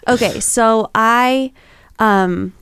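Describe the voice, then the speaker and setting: A woman's voice: fairly high pitch, very slow, a bit bright, smooth, no echo. Giggly young woman telling stories. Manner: giggly, chatty, storytelling. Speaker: podcast guest, comedian. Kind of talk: casual chat, telling dating stories. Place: podcast studio.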